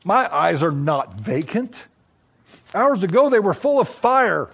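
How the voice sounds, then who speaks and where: A man's voice: sits high, pitched above the performer's own voice. A man voicing a firm, protective husband who insists on being heard.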